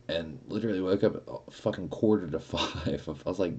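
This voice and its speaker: A man's voice: deep voice, a little fast, a little mellow, slightly rough. A young man streaming, chatting casually and rambling with lots of swearing and laughter. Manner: rambling, profane, laughs often. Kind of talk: casual live-stream chat.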